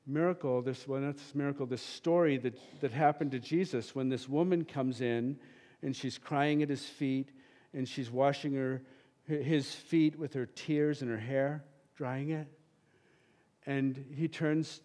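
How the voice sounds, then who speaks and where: A middle-aged pastor with a medium-pitched voice preaches a sermon in church. He is passionate and emphatic, hitting sudden loud peaks before easing into a soft, quiet prayer.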